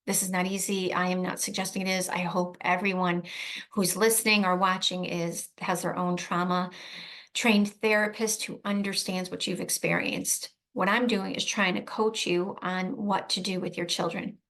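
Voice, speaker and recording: A woman's voice: lowish voice, level tone, normal speed, a bit bright. A woman coaching protective parents in an earnest, emphatic way. She often repeats key phrases and checks in with "right?". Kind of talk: advice talk to camera.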